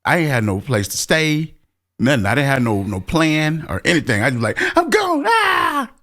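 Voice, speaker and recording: A man's voice: medium pitch, lively intonation, fairly quick, fairly bright tone. A middle-aged man co-hosting a podcast, talking emphatically and expressively in casual chat. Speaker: podcast co-host.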